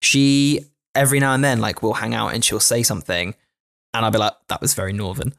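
A man's voice: medium pitch, brisk, vocal fry, a bit bright. A man from England co-hosting a casual podcast chat, joking around with lots of fillers and restarts. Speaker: podcast co-host. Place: indoor podcast recording. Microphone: podcast microphone.

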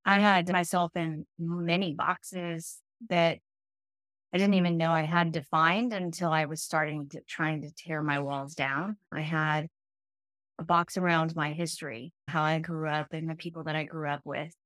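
A woman co-hosting a faith podcast, sharing her own story in a reflective, measured way. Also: low voice, level tone, fairly bright tone, no room sound. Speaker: podcast co-host. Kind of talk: personal testimony on a faith podcast.

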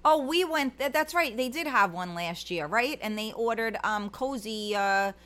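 A woman's voice: on the high side, lively intonation, moderate pace, fairly bright tone. A middle-aged woman, chatting casually as a livestream host and reading out viewer comments, rambling with many fillers.

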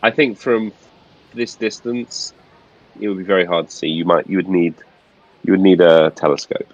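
A man narrating a tabletop horror game as game master, casual and halting with frequent restarts. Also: deep voice, fairly even intonation, dry recording, muffled recording.

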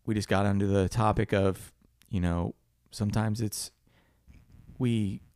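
Young man with a gravelly low voice. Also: steady tone, measured pace, a little mellow, no echo. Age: young adult. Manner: rambling, swears casually, lots of "like". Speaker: podcast co-host. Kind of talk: casual podcast chat.

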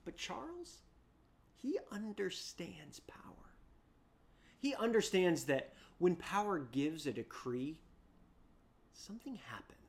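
Animated preacher dropping into whispers. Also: mid-range voice, slow, long pauses. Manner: dramatic storytelling, swings between loud bursts and hushed whispers; frequent repeated word restarts. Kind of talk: sermon.

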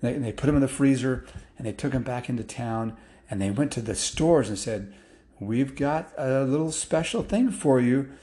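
A man's voice: mid-range voice, animated, normal speed, dark tone. Man spinning a rambling story. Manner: loose, rambling telling with restarts and fillers. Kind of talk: casual spoken storytelling.

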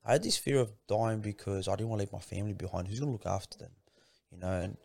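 Gravelly, low-voiced man sharing earnestly. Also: fast, a little mellow. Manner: earnest, repeats words and restarts often, says "man" and "bro". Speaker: guest. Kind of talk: casual heartfelt interview.

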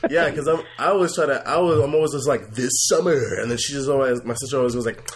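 A man's voice: mid-range voice, very fast, slight background noise. A young man chatting casually, eager and tripping over his own restarts. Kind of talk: casual conversation.

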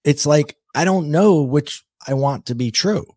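A man's voice: fairly high pitch, a little slow, a little mellow, no room sound. A middle-aged man, a guest on a podcast, earnestly telling a personal story and acting out his own past words. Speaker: guest, intuitive and author.

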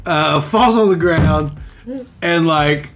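A man co-hosting a casual podcast, telling a story in an animated way, swearing freely and acting out quoted lines. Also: a little high, slow, background noise. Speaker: podcast co-host.

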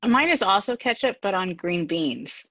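A woman's voice: mid-range voice, animated, normal speed, sharp tone. A woman on a podcast panel chatting casually in an upbeat, self-assured way. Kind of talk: casual late-night podcast chat. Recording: dry, slightly dull sound.

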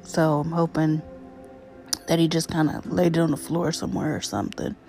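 A young woman hosts a casual solo podcast on her own microphone. Her voice sits low, and her talk rambles wearily with breathy little asides. Faint music plays behind her. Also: flat delivery, normal speed, mellow. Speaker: podcast host. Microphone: USB microphone.

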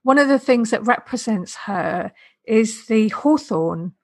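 A woman's voice: on the high side, expressive, slow. A woman hosting a spiritual podcast, chatty and enthusiastic, laughing often. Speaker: podcast host. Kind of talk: casual spiritual conversation.

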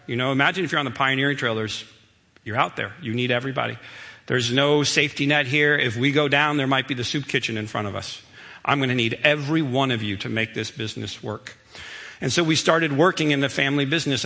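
Middle-aged male preacher, bright tone, storytelling sermon with hall reverb. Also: medium pitch. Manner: conversational, storytelling, emphatic. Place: church sanctuary. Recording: long reverb of a church hall.

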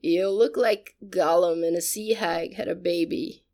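A woman's voice: fairly low pitch, steady tone, measured pace, pitched below the performer's own voice. A woman voicing a slurring drunk young man. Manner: slurred, loud protests.

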